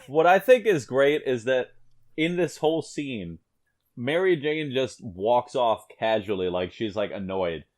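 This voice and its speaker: A man in casual podcast chat about comics, his voice swinging widely in pitch as he jumps into quoted dialogue. He sits at a middling pitch. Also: unhurried. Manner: animated, acts out comic dialogue. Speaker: podcast panelist.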